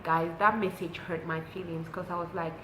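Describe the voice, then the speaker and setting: A young woman vlogger, speaking Cameroonian-accented English, recounts something that happened to her and performs the quotes with animation. She has a lowish voice at normal speed, heard in a reverberant space with background noise.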